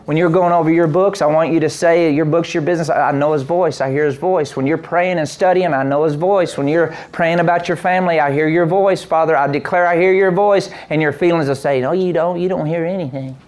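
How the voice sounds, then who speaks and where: A man preaching a sermon as pastor, animated, acting out voices with the congregation answering. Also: a little high, a little fast, few pauses. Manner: animated, acts out voices and sheep bleats. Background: congregation responses.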